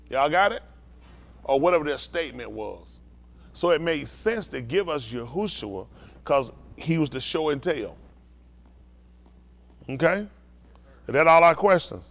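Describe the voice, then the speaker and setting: Here a pastor speaks a little slowly, pausing often, his somewhat high voice full of lively intonation. He teaches scripture with call-and-response and frequently asks whether the listeners are keeping up.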